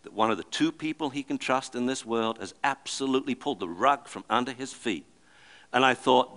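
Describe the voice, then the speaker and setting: A middle-aged man giving a talk to an audience, telling lively stories and acting out the voices in them. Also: medium pitch, brisk. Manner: animated, acts out the voices of the people and dogs in his stories. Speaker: speaker giving a public talk.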